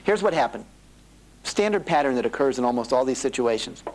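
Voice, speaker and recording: A man's voice: mid-range voice, brisk, low-quality recording. A middle-aged man speaking at a live motivational seminar, telling stories and acting out the voices of the people in them, from an old cassette tape. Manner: animated storytelling, acting out quoted voices.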